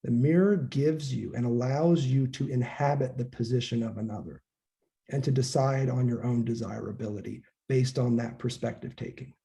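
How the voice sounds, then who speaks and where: A man's voice: mid-range voice, steady tone, moderate pace, creaky, dark tone. A man giving an informal, conversational lecture, acting out quoted voices and swearing now and then. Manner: casual, conversational, acts out quoted voices, occasional profanity.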